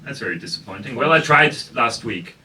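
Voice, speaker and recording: A man's voice: medium pitch, expressive, a little fast, pushed and bright, recorded from a distance, a little hiss or hum. A man with a German accent doing a stand-up comedy set with sardonic, mock-incredulous asides. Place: basement comedy club stage.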